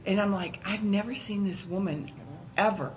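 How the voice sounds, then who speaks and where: A woman at a church round table, telling a story in a casual, animated way and acting out the voices in it. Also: medium pitch, normal speed, slight background noise, rough recording. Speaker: church member.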